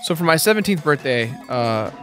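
A man's voice: on the high side, expressive, moderate pace. Man in his twenties telling a rambling story. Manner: rambling anecdotal storytelling, laughs at own punchlines. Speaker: let's play co-host. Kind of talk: casual gameplay commentary and storytelling. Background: faint game music.

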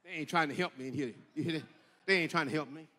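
A male pastor preaching a sermon, telling stories and rising into shouted, sing-song peaks. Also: on the high side, rapid-fire. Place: church sanctuary. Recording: echoey church hall.

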